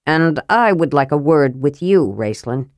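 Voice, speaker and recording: A woman's voice: low voice, expressive, no room sound, clean studio sound, pitched below the performer's own voice. A woman playing a grave, honorable knight. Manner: formal, grave and measured. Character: stern, honorable male knight. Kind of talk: audiobook character voice.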